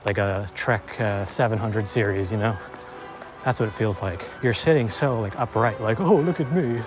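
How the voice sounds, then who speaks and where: With music in the background, a young man speaks at normal speed in a low, steady voice as he rides a mountain bike outdoors through the woods. Out of breath, he swears and mocks his own lack of skill in casual narration.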